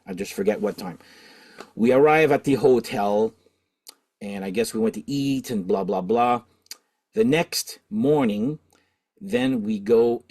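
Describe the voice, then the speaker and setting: A man's voice: lowish voice, a little mellow. Man, middle-aged, from Canada, channel host, casual storytelling, rambling, many fillers.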